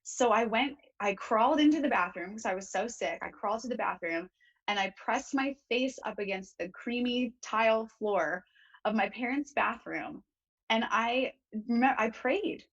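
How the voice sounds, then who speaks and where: A woman's voice: fairly high pitch, animated, moderate pace, a bit bright, highs cut off. A young woman, a talk show guest, tells a personal story in an earnest, emotional way, often restarting her sentences. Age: young adult.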